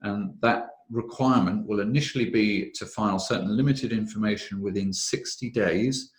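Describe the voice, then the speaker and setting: A man presenting a webinar on health and safety law, talking in a measured, methodical way with frequent "uh" fillers. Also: fairly low pitch, reverberant. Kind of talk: explanatory webinar talk.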